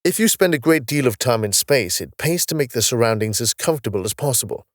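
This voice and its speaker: A man voicing a calm, knowledgeable male space officer from the far future who patiently explains his world with a wry touch. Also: mid-range voice, fast talker, no echo, studio quality, natural voice. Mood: explaining.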